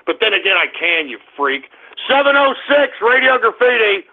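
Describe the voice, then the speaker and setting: A man hosting a call-in radio comedy show, ranting and shouting at callers in a cartoonishly high, strained voice. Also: very animated, normal speed. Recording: tinny phone-line sound.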